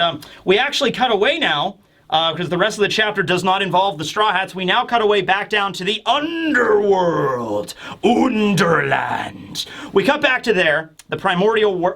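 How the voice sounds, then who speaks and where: A man hosting a casual manga chapter review, rambling with lots of fillers and dropping into quick voices for the characters. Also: on the high side, pushed and bright.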